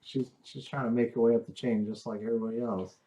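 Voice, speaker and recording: A podcast co-host in casual chat, cutting in with quick joking remarks. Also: medium pitch, fairly even intonation, warm tone. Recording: slightly dull lo-fi sound.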